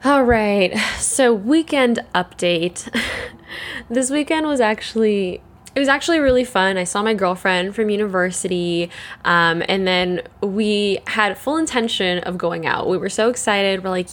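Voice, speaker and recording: A woman's voice: mid-range voice, moderate pace. A young woman, hosting a casual solo chat, rambling with lots of "like", swearing and laughing. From Canada.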